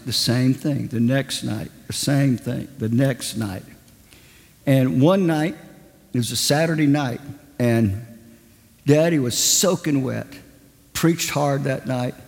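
A male preacher telling anecdotes in a sermon, animated and chatty, acting out the people he quotes. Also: mid-range voice, long reverb tail. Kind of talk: sermon storytelling.

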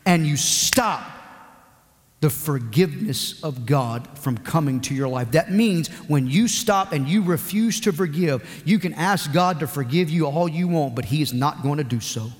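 A man's voice: on the high side, unhurried. A male pastor delivering a sermon, moving from a personal story to emphatic preaching. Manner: storytelling with acted quotes, then emphatic preaching. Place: church sanctuary. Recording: long hall reverb.

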